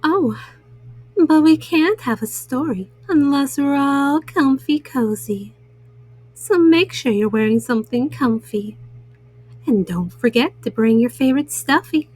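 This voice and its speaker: A woman reads a children's bedtime story in a gentle, soothing voice. Her voice sits high and lilts up and down. She takes the lines slowly, speaking to young listeners. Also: expressive, no echo, poor audio.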